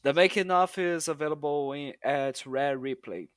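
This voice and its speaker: A man's voice: fairly high pitch, normal speed, no room sound, clean studio sound. A man appearing as a guest on a podcast, laughing and incredulous. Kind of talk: casual podcast chat.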